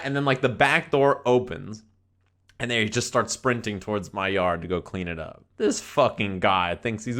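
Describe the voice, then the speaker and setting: A man streaming to his chat, telling a story in a profane, exasperated, animated rant. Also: on the low side, moderate pace.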